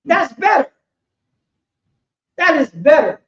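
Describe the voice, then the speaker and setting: Here the teacher, a woman with a high voice and a New accent, preaches to her class at a slow pace with big pitch swings. She stays emphatic and repetitive, alternating loud outbursts with quieter asides, and the lo-fi audio is muffled by an echoey room.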